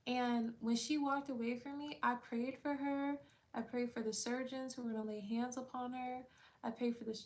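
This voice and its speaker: A woman's voice: fairly high pitch, a bit bright. A woman livestream host in casual faith chat, talking loosely and candidly, full of "like" and the odd swear word. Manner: laughs often between thoughts.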